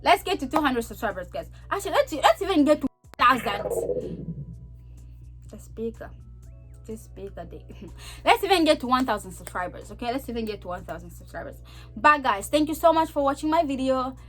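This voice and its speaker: A young woman with a noticeable Zambian accent talks straight to her camera in a loose, animated vlog style. Her voice sits high, and she circles back over her own phrases. A soft music bed plays quietly behind her. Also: fairly quick, breathy edge. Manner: animated, repeats herself, laughs often. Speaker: vlogger. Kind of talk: casual chat to camera.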